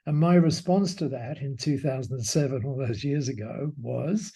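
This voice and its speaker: A man's voice: medium pitch, moderate pace, gravelly, hardly any pauses, mellow, slightly rough. A man, a company cofounder, telling a story as an interview guest in a reflective way, with frequent restarts.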